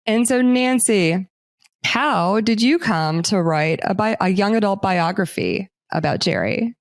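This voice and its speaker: A woman's voice: medium pitch, lively intonation, a little slow, dry recording. Woman book club host, chatty and loose, dry close sound. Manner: chatty with many fillers. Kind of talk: casual interview.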